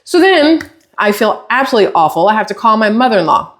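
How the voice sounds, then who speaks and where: A woman's voice: fairly high pitch, fast talker. Exasperated woman telling a story. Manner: animated, exasperated retelling with acted-out quotes. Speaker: channel host. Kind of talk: casual storytime monologue.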